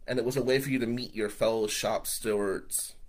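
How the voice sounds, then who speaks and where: A man's voice: fairly low pitch, fairly even intonation, brisk. A man telling a personal story in a casual, profane, conversational way, often checking in with "right?".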